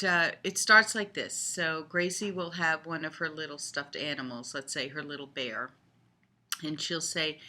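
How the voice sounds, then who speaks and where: Older woman, slow and bright-voiced. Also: deep voice. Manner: unhurried, thoughtful, with frequent ums. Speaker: video blogger on child development. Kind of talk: casual talk to camera.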